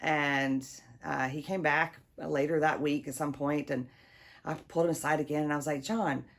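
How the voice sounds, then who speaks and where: A middle-aged woman, a drama teacher, telling a personal story in a conversational, lively way. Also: deep voice, normal speed, creaky. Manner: conversational, lively, acts out quotes.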